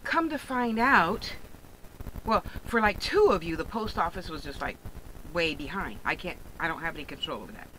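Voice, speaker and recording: A woman's voice: lowish voice, animated, normal speed, sharp tone, slight background noise, poor audio. A woman who sells jewelry online, ranting bluntly and sarcastically in a profane vlog monologue. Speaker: online jewelry and crystal seller.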